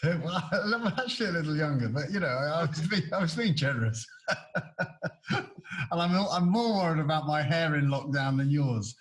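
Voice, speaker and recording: A man's voice: a little high, lively intonation, normal speed. Hesitant middle-aged male podcast host. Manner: hesitant, frequent restarts and laughs. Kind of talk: casual interview. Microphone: video call.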